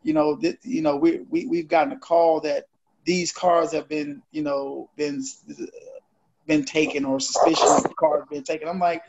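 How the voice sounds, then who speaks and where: A man with a slightly high voice talks at a normal pace against faint background noise. Co-hosting a podcast, he tells a personal story in a casual, animated way, acting out the dialogue. The audio is dull and lo-fi.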